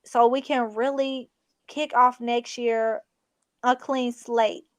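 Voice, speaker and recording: A woman's voice: a little high, fairly even intonation, slow, no room sound. A young adult woman hosting a casual chat with her sister, telling stories candidly and swearing freely. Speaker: host.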